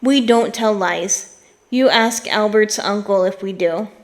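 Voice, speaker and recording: A young storybook boy whose voice trembles yet stays defiant, insisting on his honesty. He talks slowly and with force, as voiced by a woman reader. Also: medium pitch, lightly acted.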